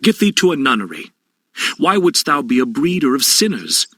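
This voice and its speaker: Hamlet, a bitter brooding prince. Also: male voice, mid-range voice, big pitch swings, normal speed, a bit bright, no room sound. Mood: scornful. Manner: declamatory, scornful. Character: brooding bitter young prince, self-loathing. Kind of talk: classical stage acting.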